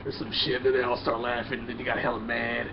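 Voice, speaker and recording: A man's voice: medium pitch, level tone, fast talker, background noise. A man delivering a crude, blunt comedic rant in casual talk, often repeating himself and stumbling over words. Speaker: vlogger. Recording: dull lo-fi.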